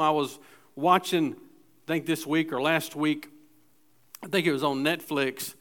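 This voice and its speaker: Conversational male preacher, slightly high voice. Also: steady tone, measured pace, pauses often, a bit bright. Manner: conversational preaching with restarts and acted asides. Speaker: pastor. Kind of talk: sermon. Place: church.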